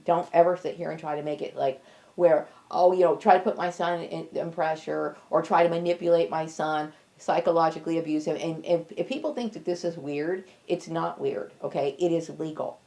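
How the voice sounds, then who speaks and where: Defiant middle-aged woman, low gravelly voice with fry, hammers each point home. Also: steady tone, a little fast, dark tone. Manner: emphatic, repeats "okay?" for stress; blunt and defiant. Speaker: vlogger. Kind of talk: personal monologue to camera.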